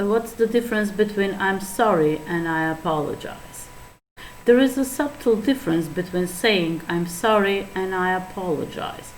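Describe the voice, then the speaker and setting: Macedonian woman as English teacher, lower voice, faint hiss behind. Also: rough recording. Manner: explains slowly with small restarts and fillers. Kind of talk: online lesson reading examples.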